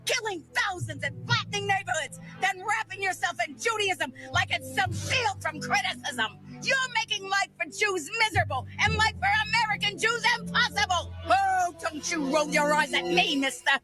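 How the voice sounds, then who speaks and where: A woman voicing an indignant middle-aged cartoon mother who shouts and scolds. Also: very high-pitched, expressive, moderate pace, hardly any pauses, rough recording. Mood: scolding. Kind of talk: cartoon voice acting. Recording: cartoon clip with loud music.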